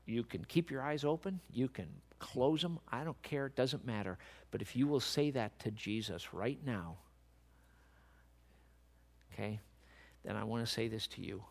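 A man preaching a sermon, dropping to soft, low speech and then building to loud, emphatic peaks. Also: expressive, unhurried, creaky.

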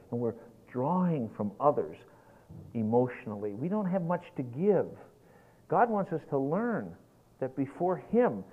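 A man preaching a sermon in an animated, folksy way, getting worked up as he goes. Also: a little high. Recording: tinny lo-fi phone-like recording.

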